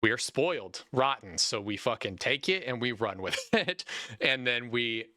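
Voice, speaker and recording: A young man hosting a podcast, talking in long, animated run-on stretches in a casual chat. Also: mid-range voice, moderate pace, no echo, clean studio sound. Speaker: podcast host.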